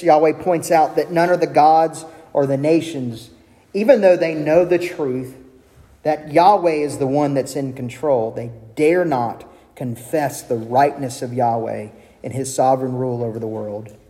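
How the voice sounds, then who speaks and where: Preacher in a reverberant hall. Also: male voice, moderate pace. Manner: animated preaching, voicing God's lines with a raised pitch. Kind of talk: sermon.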